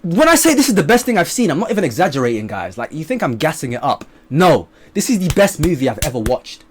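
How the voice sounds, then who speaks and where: In a casual vlog, a young man reviews a movie straight to camera, talking fast in a slightly rough voice. He's excited and animated, lurching from loud outbursts to low mutters and cursing freely.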